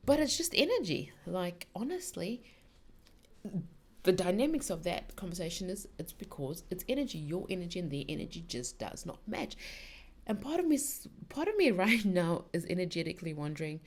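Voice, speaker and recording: Middle-aged female podcast host, slightly low voice, casual rambling spiritual chat. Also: very animated, normal speed. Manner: chatty, rambling, many "like"s and restarts.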